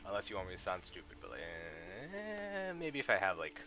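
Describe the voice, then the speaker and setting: A man's voice: sits low, wildly swooping pitch, moderate pace, bright, forceful tone, soft background music. A young man streaming a live reaction to a game, chatting casually with lots of fillers and reading the dialogue aloud in his own voice. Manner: casual, rambling with frequent "like" fillers.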